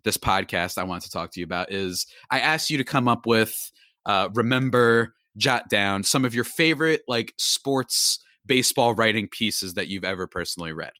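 A man's voice: lowish voice, lively intonation, moderate pace, pushed and bright, no echo, clean studio sound. A man hosting a sports podcast, reading the intro and ads with upbeat, swooping energy, then chatting casually with his guest. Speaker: podcast host.

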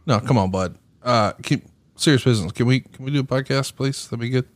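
A man's voice: medium pitch, brisk, dry recording. A man from the American South hosting a podcast, teasing his co-host and laughing often in casual banter.

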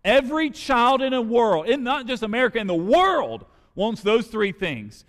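A man's voice: very high-pitched, sing-song, moderate pace, fairly bright tone. A man preaching a sermon as pastor, moving from storytelling into fervent preaching. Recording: long hall reverb.

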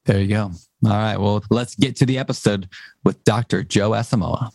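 A man's voice: fairly low pitch, fairly even intonation, moderate pace, gravelly, darkish tone, dry recording, clean studio sound. A man hosting a podcast, chatting in a jokey, rambling, self-deprecating way. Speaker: podcast host. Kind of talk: casual podcast chat.

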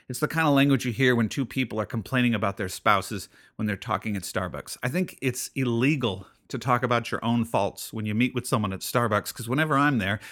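A man of ordinary pitch gives a radio sermon in an earnest, conversational manner. He talks to listeners as the host of the show and builds his points through repeated phrases. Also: a bit bright.

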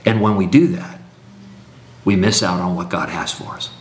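A man's voice: deep voice, normal speed. A man speaking in a teaching conversation with emphatic, preacherly build-ups and repetition. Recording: roomy echo.

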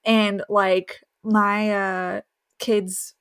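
A woman's voice: medium pitch, level tone, very slow, fairly bright tone, clean tone, no echo. Woman podcast cohost, chatty, laughs a lot, dry close sound. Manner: laughs easily, reads definitions aloud. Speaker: podcast co-host. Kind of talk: casual chat.

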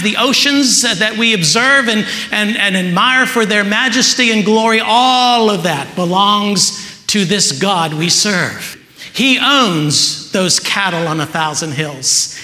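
A male pastor delivers a sermon in a high, bright voice. He speaks slowly and deliberately, leaning into rhetorical questions. His words ring out with a long, roomy reverb, as if he is heard across a large hall. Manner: slow, emphatic preaching with rising rhetorical questions.

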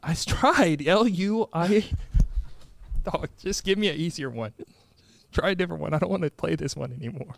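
A young man on a casual podcast who jokes at his own expense in a goofy, easygoing way. His voice sits a little high. It is recorded close and dry. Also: expressive, normal speed, vocal fry, dry recording. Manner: goofy, self-mocking, says "dog" a lot. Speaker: podcast co-host. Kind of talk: casual chat.

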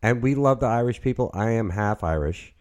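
A man in his fifties hosting a podcast, chatting in an excitable, rambling way from his apartment. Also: mid-range voice, a little fast. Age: 50s. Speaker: podcast host. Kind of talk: casual chat.

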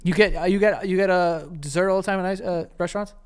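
A man's voice: sits high, steady tone, fast talker, smooth. A young man co-hosting a podcast, telling stories in casual chat and acting out what others said. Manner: laid-back storyteller, acts out quotes. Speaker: podcast co-host.

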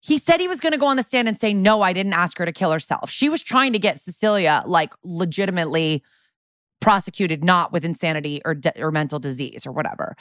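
A woman's voice: on the low side, expressive, fairly quick, a bit bright, no echo, clean studio sound. A woman co-hosting a podcast in casual chat, talking loosely with lots of filler words. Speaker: podcast co-host.

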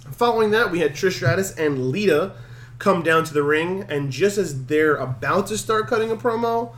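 A man hosting a podcast, recapping events in a casual, animated and jokey way. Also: on the high side. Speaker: podcast host. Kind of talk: casual wrestling recap chat.

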